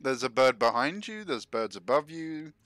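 A man acting as game master in a casual tabletop session, narrating and answering players with quick mm-hmms. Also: medium pitch, very animated, a bit bright.

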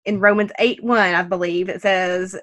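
Woman hosting a christian podcast, earnest and upbeat, middle pitch, laughs here and there. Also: fairly even intonation, normal speed, a bit bright. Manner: earnest and encouraging, often laughs. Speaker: podcast host. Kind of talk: faith-based podcast conversation.

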